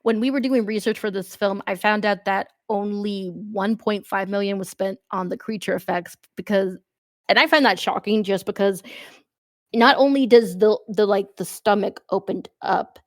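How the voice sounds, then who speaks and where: A young woman chats on a podcast in a loose, filler-heavy way, retelling scenes with lively asides. Her voice sits mid-range for a woman. The recording is dry and close, with no room sound. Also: mid-range voice, normal speed, dry recording. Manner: chatty, lots of fillers, animated retelling with acted-out shouts. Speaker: podcast co-host. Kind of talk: casual film discussion.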